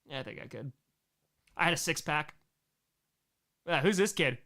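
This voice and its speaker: Excitable, jokey male streamer. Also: on the high side, normal speed, long pauses. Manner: excitable, jokey and self-mocking. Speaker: streamer host. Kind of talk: live stream reacting to home videos.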